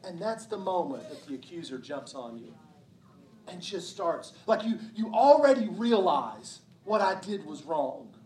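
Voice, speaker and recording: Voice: mid-range voice, big pitch swings, unhurried, warm tone. Conversational pastor preaching in an echoey church. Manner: conversational, emphatic, checks in with the listeners. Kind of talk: sermon. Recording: roomy hall sound from a distance.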